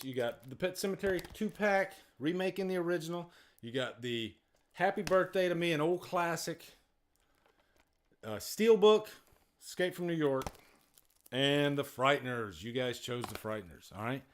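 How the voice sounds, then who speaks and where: A man hosting a live movie night stream from a room at home, chatting casually and joking with his viewers. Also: fairly high pitch. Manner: excitable, joking, talks straight to his chat. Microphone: external mic.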